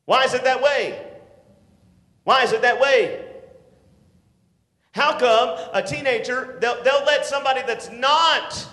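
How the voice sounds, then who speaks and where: A man preaching a sermon to teenagers, swinging from shouts to hushed tones and calling for responses. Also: extremely high pitch, a little slow, long pauses. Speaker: youth pastor. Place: church sanctuary. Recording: echoey hall.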